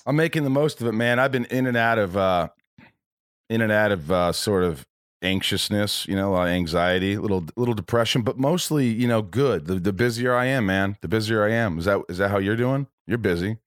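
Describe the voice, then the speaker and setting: A man's voice: lowish voice, a little fast, no echo, studio quality. A man in his forties hosting a podcast, rambling with frequent restarts and stammers, casually profane. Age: 40s. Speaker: podcast host.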